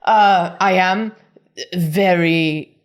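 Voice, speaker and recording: A woman's voice: on the low side, clean tone. A woman voicing a nervous, guilty female suspect who stammers and dodges questions in an improvised tabletop role-play. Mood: evasive. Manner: halting, stammering, evasive.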